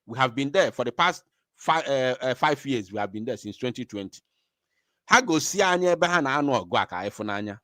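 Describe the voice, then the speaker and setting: A man's voice: mid-range voice, animated, fairly quick, fairly bright tone, dry recording, studio quality. A man with an Igbo-accented Nigerian English voice giving impassioned commentary as a show host, angry and repeating phrases for emphasis.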